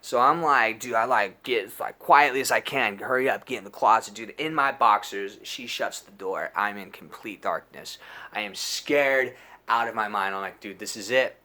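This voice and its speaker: Bright-voiced young man telling a crude story. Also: on the low side, moderate pace. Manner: crude, slangy, animated, peppered with dude and bro. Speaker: storyteller vlogger. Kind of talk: casual storytime monologue.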